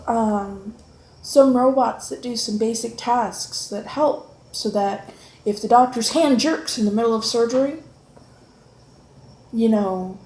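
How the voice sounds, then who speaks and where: A woman chatting casually with her child at home, encouraging and gently coaxing in a motherly way. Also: medium pitch. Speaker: mother homeschooling her son. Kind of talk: casual family chat. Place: home, at the breakfast table. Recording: echoey room with faint background noise.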